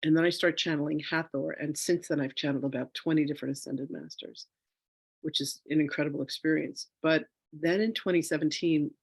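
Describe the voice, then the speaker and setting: A middle-aged woman teaching a live online class as a spiritual teacher, telling her own story with lively acted-out dialogue, speaking into a phone. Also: low-pitched, fairly quick, breathy edge, no room sound. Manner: animated storyteller, acts out quoted dialogue.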